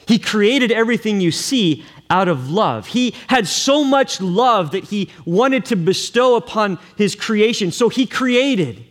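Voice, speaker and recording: Earnest high-voiced male preacher. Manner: earnest, repetitive, asks the congregation questions. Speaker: pastor. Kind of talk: sermon.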